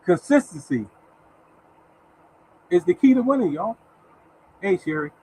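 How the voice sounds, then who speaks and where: A man's voice: very high voice, wildly swooping pitch, measured pace, husky, low-quality recording. A man hosting a casual live lottery stream, chatting with viewers, greeting them by name and reading out winning numbers. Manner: mutters softly to himself while searching. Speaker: lottery show host.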